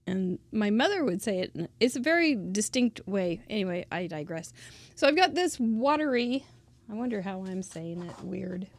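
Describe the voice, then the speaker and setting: A woman's voice: mid-range voice, sing-song, moderate pace, no room sound. Chatty woman teaching a card craft. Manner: chatty, digressive, laughs often. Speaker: crafting instructor. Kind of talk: casual craft tutorial.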